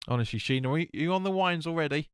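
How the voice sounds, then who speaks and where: Smooth-voiced man commentating a match. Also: a little high, very fast, no room sound, studio quality. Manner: chatty, reacts to play and reads out viewer comments. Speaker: fan watch-along host. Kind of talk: live match watch-along commentary.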